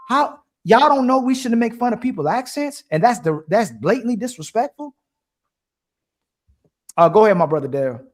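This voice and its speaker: A man's voice: sits high, expressive, fairly quick. A man hosting a livestream panel, insistent and pointed. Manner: insistent, talks over others. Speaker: host. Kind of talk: heated panel chat.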